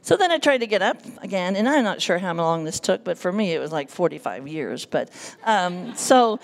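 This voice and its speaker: Gravelly-voiced woman telling a church testimony. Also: fairly low pitch, moderate pace. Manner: animated storytelling, acting out quoted voices, self-deprecating humor. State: nervous. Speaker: church speaker giving testimony. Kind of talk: personal testimony to a congregation.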